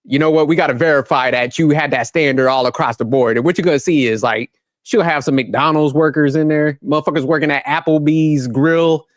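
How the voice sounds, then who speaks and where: A man's voice: on the high side, steady tone, fairly quick, no room sound. Heated profane man ranting, dry sound. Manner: heated, blunt, profane street-slang rant. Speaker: commentary channel host. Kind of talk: reaction rant commentary.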